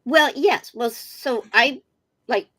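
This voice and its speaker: A middle-aged woman appears as a guest on a casual video-call interview, telling funny anecdotes with lots of energy and frequent laughter. Her voice is on the high side and she speaks slowly.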